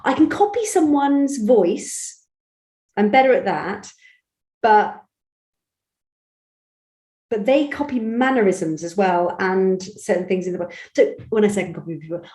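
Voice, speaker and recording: A woman from Bristol with a Bristol accent, an audiobook narrator chatting animatedly in an interview, telling stories with quick restarts. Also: mid-range voice, expressive, a little mellow, echoey room. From England. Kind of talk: conversational interview.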